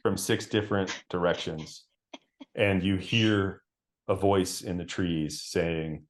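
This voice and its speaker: Deep-voiced man running a tabletop game. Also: unhurried. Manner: relaxed, laughs often. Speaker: game master.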